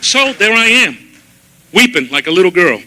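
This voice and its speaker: A man giving a personal testimony sermon at a church service, telling his story in an animated way and acting out his own past words. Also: high voice, normal speed, rough recording.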